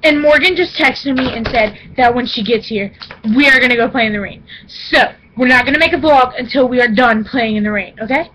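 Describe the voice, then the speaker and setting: A young woman vlogging at home in an excited, playfully dramatic way, often squealing. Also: a little high, fairly quick, slight background noise, rough recording. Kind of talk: excited casual vlog. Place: indoors at home.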